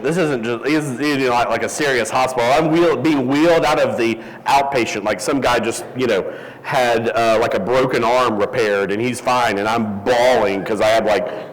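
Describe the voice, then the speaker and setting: A man's voice: medium pitch, in a large hall, poor audio. A man telling a rambling, self-deprecating story with lots of fillers as a guest at a live event. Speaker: interview guest. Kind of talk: casual storytelling. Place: event hall.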